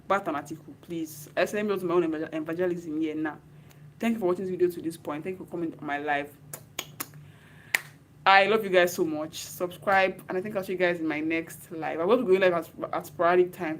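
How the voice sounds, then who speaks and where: A young Nigerian woman, tired late at night, chatting in a rambling, excitable way to her viewers on a live stream. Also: lowish voice, slight background noise, poor audio. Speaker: YouTuber hosting a live stream. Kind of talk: casual live-stream chat.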